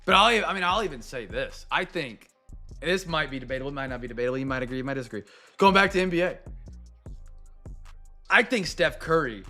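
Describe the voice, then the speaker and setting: A young man hosting a live card break, chatting to viewers and going off on excitable, rambling sports rants. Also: fairly high pitch, fast, long pauses, soft background music.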